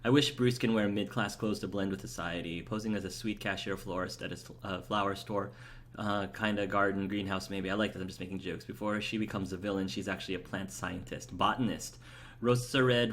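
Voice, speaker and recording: A man's voice: on the low side, fairly even intonation, brisk, fairly bright tone, a little hiss or hum. A man chatting casually and enthusiastically while playing a video game and answering his chat, rambling with fillers. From United States. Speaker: let's play host. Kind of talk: casual gameplay commentary, reading chat aloud.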